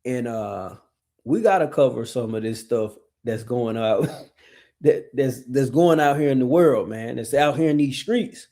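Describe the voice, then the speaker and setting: A man's voice: mid-range voice, a little slow. A man hosting a casual reaction show, talking in loose slang and laughing between remarks. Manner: animated, slangy, laughs and trails off. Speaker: reaction channel host.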